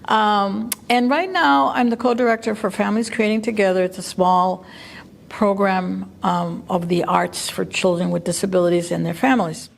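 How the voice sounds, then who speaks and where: Gravelly-voiced Cuban-born woman storyteller. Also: medium pitch. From Cuba. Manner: lively, conversational, quick bursts with fillers. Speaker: co-director of a family arts program. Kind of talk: personal storytelling to camera.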